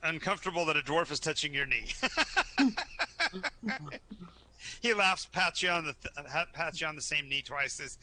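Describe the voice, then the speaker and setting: A man's voice: fairly high pitch, normal speed, long pauses, sharp tone. A man narrating a live tabletop game as game master, stammering and repeating words as he tells the story.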